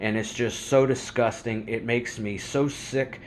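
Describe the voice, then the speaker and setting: A man's voice: mid-range voice, steady tone, a little slow, a little hiss or hum. A man hosting a religious commentary vlog, talking in an angry, fired-up rant. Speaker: host.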